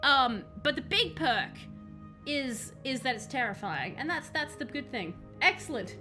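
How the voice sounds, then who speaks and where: A woman's voice: high voice, animated, measured pace, pushed and bright, faint music behind. A young woman streaming a video game, chatting casually with playful, rambling jokes. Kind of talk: casual live-stream chat while playing.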